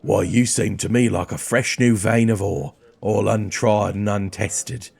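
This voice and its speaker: A man voicing a burly, blunt female dwarf warrior in a low, gruff, deliberate tone. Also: steady tone, darkish tone, heavily acted.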